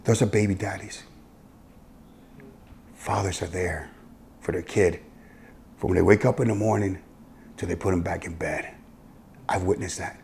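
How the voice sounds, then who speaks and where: A man from Miami with a husky voice and a Miami accent, telling stories bluntly in a casual interview, swinging between loud and hushed. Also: low-pitched, steady tone, normal speed, pauses often, a little hiss or hum. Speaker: interview guest, youth football coach. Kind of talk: casual storytelling conversation.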